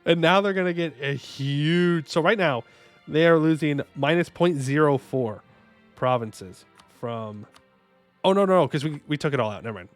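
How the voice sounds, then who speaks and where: Playful streamer man, slightly high voice. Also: normal speed. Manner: playful, joking with chat, sings little fanfares. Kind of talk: casual gameplay commentary. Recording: faint music behind voice.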